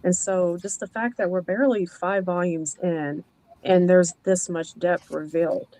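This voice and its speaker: A woman in a book club discussion, thinking out loud and building her points slowly with lots of "like". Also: fairly low pitch, steady tone, low-quality recording. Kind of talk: casual podcast discussion. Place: remote video call.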